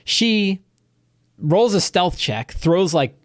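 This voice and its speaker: Guy dm rambling through a game recap, lively up-and-down voice, kinda high. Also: takes it slowly, dry recording, studio quality. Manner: rambling, animated storytelling with quoted character lines. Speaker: game master. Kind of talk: recapping a tabletop game session.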